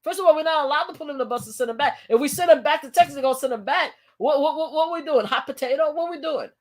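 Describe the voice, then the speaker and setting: A woman's voice: sits high, racing, a little mellow. A woman, holding forth on her own live stream in a casual, heated rant. She leans hard on her words and circles back over her phrases, restarting and repeating them as she builds her point.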